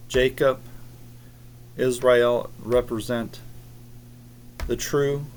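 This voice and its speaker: A man giving a rambling, halting monologue on scripture, arguing with critics he addresses directly. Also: mid-range voice, slight background noise. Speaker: religious video maker.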